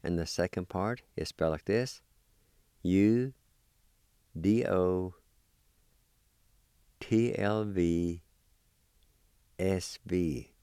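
A man's voice: low voice, drawn-out words, pauses often, mellow, clean tone, no echo, studio quality. A man teaching a language lesson, carefully spelling out and repeating words for learners.

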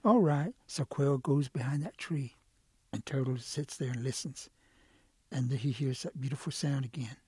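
A man telling a folk tale as a storyteller, relaxed and lively with fillers. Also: medium pitch, moderate pace, slight background noise.

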